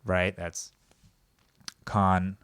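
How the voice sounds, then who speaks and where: A man hosting a podcast, riffing in a rambling, sarcastic comedic monologue that swings between loud outbursts and mumbled asides. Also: low voice, little pitch movement, drawn-out words, clean tone, dry recording. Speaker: podcast host.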